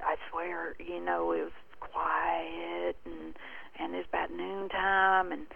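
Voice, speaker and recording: A woman putting on an old male mountain storyteller who talks in gentle, halting fragments, heard over a phone line. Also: on the low side, little pitch movement, creaky, breathy edge, exaggerated voice. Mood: musing.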